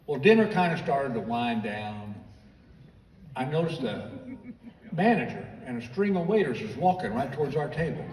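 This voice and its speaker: A man's voice: medium pitch, normal speed, a little hiss or hum. An American man doing stand-up, telling long stories and acting out the people in them. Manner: animated, acts out the people in his stories. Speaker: stand-up comedian. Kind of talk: stand-up storytelling. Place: large theater stage. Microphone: stage PA, filmed from the audience. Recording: distant, echoey theater recording with crowd laughter.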